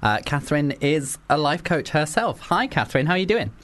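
A man's voice: a little high, sing-song, a little fast, a bit bright. Man, radio host, casual chat, rambling, lots of likes and ums. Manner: chatty, rambling, filler-heavy.

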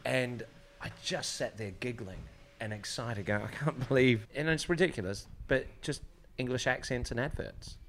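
A man's voice: mid-range voice, normal speed, hardly any pauses, fairly bright tone, a little hiss or hum. A middle-aged man with a New Zealand accent, chatting casually as a host and telling anecdotes with easy fillers. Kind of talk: casual chat.

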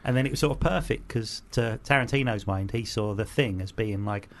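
A man's voice: lowish voice, a little fast. A man co-hosting a podcast in casual chat, telling a story with hesitant fillers. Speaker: podcast co-host.

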